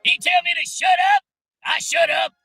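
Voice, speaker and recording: A shrill, brash shouting heckler. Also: male voice, steady tone, normal speed, gravelly, faint music behind, full character voice. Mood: rowdy. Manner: shouting, crude, taunting. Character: rowdy, brash male heckler in a chamber.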